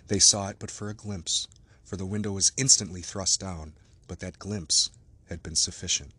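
A man narrates a classic novel in a measured, even reading. His voice sits low and steady. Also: husky. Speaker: audiobook narrator. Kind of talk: scripted narration.

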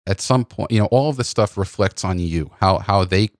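A man hosting a podcast about photography workshops, telling stories in an animated way with many restarts. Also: fairly low pitch, brisk, dry recording, studio quality. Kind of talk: casual conversational storytelling.

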